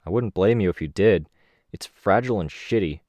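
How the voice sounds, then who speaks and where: A man's voice: deep voice, a little fast, darkish tone, no room sound. A man voicing a modest, matter-of-fact young male tinkerer in an audiobook.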